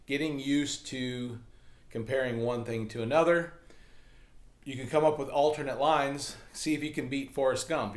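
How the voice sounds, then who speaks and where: A man coaching viewers on adding humor to speeches, talking casually with upbeat, jokey, self-deprecating asides. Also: mid-range voice. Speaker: comedy and speaking coach. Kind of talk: casual instructional talk to camera. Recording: echoey room.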